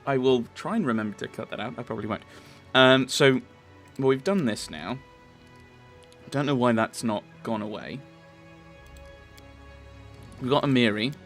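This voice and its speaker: A man's voice: medium pitch, animated, normal speed, long pauses, a bit bright, soft background music. A man casually commentating his game playthrough, rambling with lots of restarts. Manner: rambling, chatty, many fillers and restarts. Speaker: let's play host.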